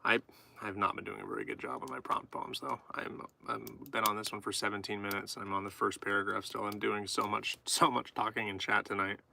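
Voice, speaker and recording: A man's voice: on the low side, fairly quick, gravelly, sharp tone, a little hiss or hum. A man live-streaming, chatting casually and goofily with viewers while he writes poetry. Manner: goofy, rambling, chatting to viewers. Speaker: streamer writing poetry with chat.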